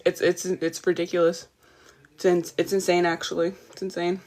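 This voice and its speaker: A woman's voice: fairly low pitch, level tone, moderate pace, a little mellow. A woman hosting a livestream, tired but heated as she rants emphatically and keeps greeting her chat. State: a little tired. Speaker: livestream host. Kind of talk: casual ranting livestream.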